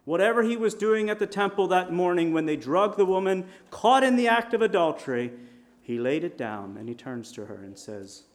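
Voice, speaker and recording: A man's voice: high-pitched, fairly quick. Conversational male preacher telling stories. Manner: conversational storytelling, lively shifts in volume. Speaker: pastor. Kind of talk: sermon.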